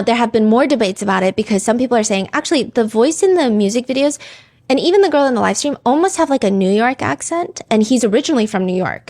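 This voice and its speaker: A woman's voice: fairly high pitch, darkish tone. A woman hosting a true crime show in a casual, chatty way, reading song lyrics and comments aloud with many "like" fillers.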